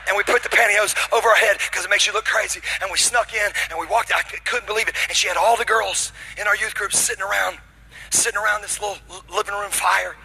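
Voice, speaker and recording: Animated male preacher with a bright voice. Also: high-pitched, quick pace, gravelly, husky, rough recording. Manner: animated, shouting punchlines, then dropping to a hushed intimate tone. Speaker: pastor. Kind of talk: sermon with comic storytelling.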